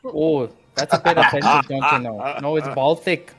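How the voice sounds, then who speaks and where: A man's voice: fairly high pitch, normal speed, fairly bright tone, husky. A man voicing a hairy, friendly male bugbear, a runaway gladiator, in a folksy Canadian accent who keeps saying "bud" and "don't you know".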